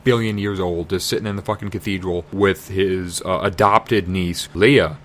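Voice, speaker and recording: A man's voice: sits low, steady tone, normal speed, a bit bright. A man retelling a video game's story as comedy, sarcastic and profane. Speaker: comedic game recapper.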